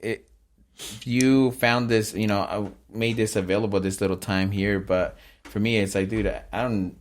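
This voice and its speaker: A man's voice: fairly low pitch, steady tone, moderate pace. A man hosting a casual podcast interview, talking in a loose, rambling way with restarts and casual swearing. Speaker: podcast host.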